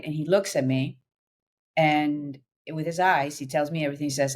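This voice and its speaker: A middle-aged woman, a podcast guest, telling her personal story in an earnest, animated way with many fillers. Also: sits low, normal speed.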